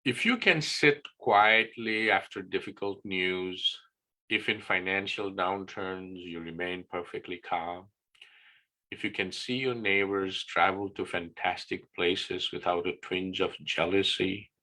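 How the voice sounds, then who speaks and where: A man's voice: low-pitched, unhurried. An older man giving a casual wellness presentation on a video call, checking in often with "right?". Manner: relaxed teaching talk with frequent "right?" checks. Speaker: wellness guest speaker. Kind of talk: casual presentation on an online class.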